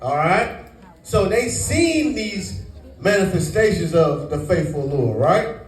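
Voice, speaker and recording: A Bible teacher leads call-and-response sermon teaching in a congregation meeting room, quizzing listeners to fill in the words of scripture. His high voice is very animated but slow, and the mic is far off in an echoey room.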